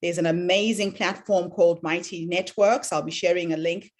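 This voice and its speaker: Lower-pitched woman hosting a video call. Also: steady tone, normal speed, a little mellow. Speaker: host and workshop leader. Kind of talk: casual video call chat.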